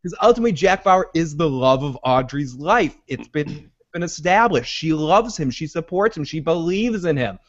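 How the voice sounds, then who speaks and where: A man hosting a casual TV recap chat, rambling and profane, dropping into quick impressions of characters. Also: a little high, expressive, muffled recording. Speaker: podcast host.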